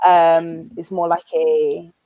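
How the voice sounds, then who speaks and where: A woman's voice: deep voice, little pitch movement, slow, dark tone, lo-fi sound. A woman with a northern English accent, a guest in a casual interview, chatty and hesitant with lots of fillers. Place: home in London.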